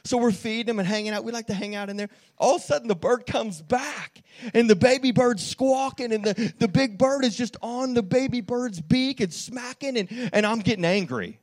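A man preaching a sermon as pastor in church, telling a lively story with frequent restarts and calls to the congregation. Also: very high voice, normal speed.

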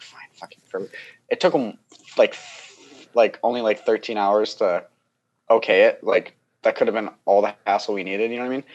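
A young man with a fairly low voice tells a long, winding story in casual conversation. He keeps restarting sentences and slips into quick impressions of the people involved. He laughs often along the way. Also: lo-fi sound. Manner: rambling, animated, acts out the people he quotes, laughs often. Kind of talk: casual chat.

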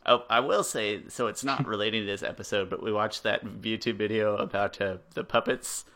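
A man with a low voice co-hosts a relaxed podcast chat. He wanders into tangents and acts out quotes as he talks. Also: a little fast. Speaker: podcast co-host. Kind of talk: casual chat.

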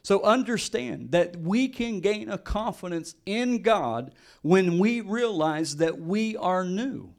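Male pastor, high voice, middle-aged, earnest sermon, repeats himself, animated delivery. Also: slow, vocal fry, few pauses.

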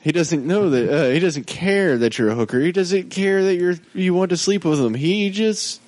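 A man's voice: high-pitched, moderate pace, darkish tone. A man co-hosting a podcast, telling laid-back, profane stories in casual banter with friends. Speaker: podcast co-host.

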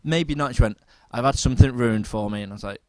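Excitable man telling stories. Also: mid-range voice, fast, no room sound. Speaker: podcast co-host. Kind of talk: casual chat.

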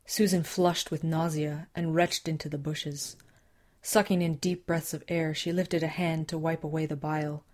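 Low-voiced woman narrating a dark thriller. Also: flat delivery. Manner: measured, tense dramatic reading. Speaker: audiobook narrator. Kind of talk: scripted narration.

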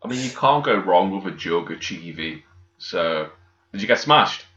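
A man's voice: low-pitched, expressive, moderate pace, pushed and bright. A man, co-hosting a podcast in jokey, casual banter. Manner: jokey, does silly voices. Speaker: podcast co-host. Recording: echoey, dull-sounding room.

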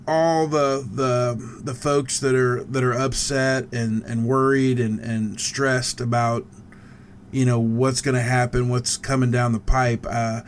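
A man in casual podcast chat, halting and repeating words as he talks. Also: mid-range voice, slight background noise.

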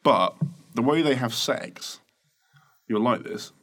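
A man's voice: mid-range voice, lively intonation, slow, a bit bright. A man co-hosting a casual podcast, rambling and joking crudely as he explains things into a desk mic. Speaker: podcast co-host. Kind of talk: casual chat. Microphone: desk microphone.

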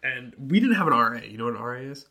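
Bright-voiced young man telling a story. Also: mid-range voice, rapid-fire, creaky. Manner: animated storytelling, many fillers like "like". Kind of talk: casual chat.

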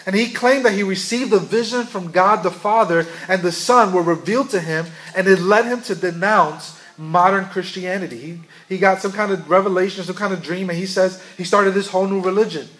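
High-voiced male preacher, earnest. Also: brisk, hardly any pauses, a bit bright. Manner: earnest, asks the congregation questions. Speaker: pastor. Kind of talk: sermon.

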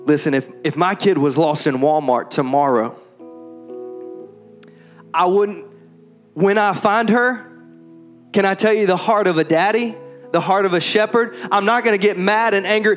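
A young adult man preaching as a pastor in a church, moving from calm talk to loud, impassioned preaching. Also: sits high, moderate pace, long pauses, faint music behind. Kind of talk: sermon. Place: church hall.

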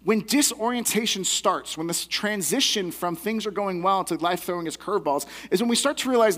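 A man's voice: high-pitched, fairly quick, few pauses, a bit bright. A young adult man giving a sermon as a pastor, teaching in a conversational, earnest way.

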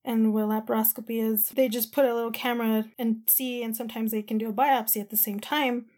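A woman's voice: fairly high pitch, flat delivery, fairly quick, a little mellow. A woman casually telling a personal story to camera, retelling conversations and talking with lots of "like" fillers.

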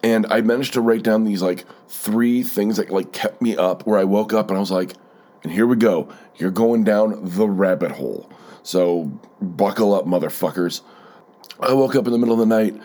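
Male solo podcaster, low-ish voice, rambling and sardonic, swears freely, slightly stuffy nose. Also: normal speed, mellow. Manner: rambling, profane, sardonic storytelling with many fillers. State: stuffy, keeps blowing his nose. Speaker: podcast host.

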